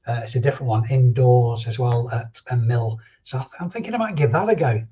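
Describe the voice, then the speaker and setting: A man hosts a loose live stream chat, answering viewers as he goes. His voice is mellow and low in the treble, and the stream audio sounds a little dull and lo-fi. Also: brisk. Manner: chatty, answers viewer comments and drifts between thoughts.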